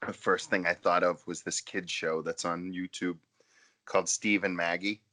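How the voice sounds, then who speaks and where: A man co-hosting a podcast, chatting casually over drinks in an animated, rambling way with lots of fillers and restarts. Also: sits low, normal speed. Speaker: podcast co-host.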